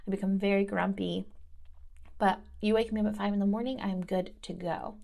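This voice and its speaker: A woman's voice: mid-range voice, fairly even intonation, brisk, vocal fry, darkish tone. A woman in her thirties from the American South, hosting in a casual, rambling chat style with many fillers. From Southern United States. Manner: chatty and rambling, lots of "like". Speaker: host.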